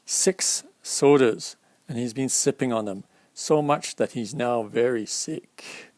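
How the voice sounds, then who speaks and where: A man's voice: medium pitch, measured pace, a little mellow, no echo. A man reading a children's alphabet picture book aloud at storytime, stopping to explain the pictures to young listeners. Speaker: storytime reader.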